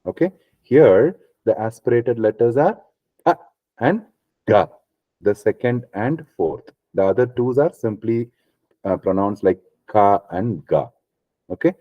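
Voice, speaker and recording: A man's voice: deep voice, no echo, dull audio. A man teaching a class on Sanskrit pronunciation, patiently repeating each sound and checking in with "okay" after almost every step.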